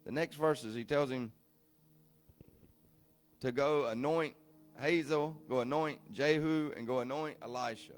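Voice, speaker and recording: A man pastor preaching informally to a recovery group, repeating himself and asking the room questions, dropping low and slow and then rising to shouts. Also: soft background music. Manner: swings from quiet and slow to loud and shouting.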